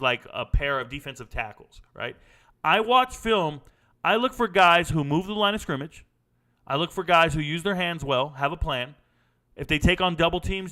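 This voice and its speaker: A man's voice: a little high, sharp tone. A young man hosting a casual college football livestream, reading viewer comments aloud and answering them in a breezy way.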